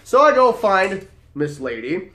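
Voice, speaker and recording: A man casually telling a story from his bar work, animated and profane, acting out the people he talks about. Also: high-pitched, a little slow, roomy sound.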